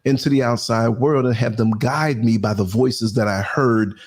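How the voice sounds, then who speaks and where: An older man from New York City, with a New York accent, hosts a podcast and tells a long personal story in casual chat. Speaking at a medium pitch and normal speed, he animates it by acting out the voices of people in it.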